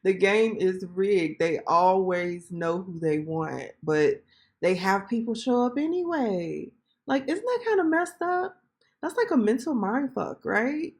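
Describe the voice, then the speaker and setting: A woman hosting a reaction video, commenting casually with emphatic, drawn-out remarks. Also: medium pitch, animated, a little mellow.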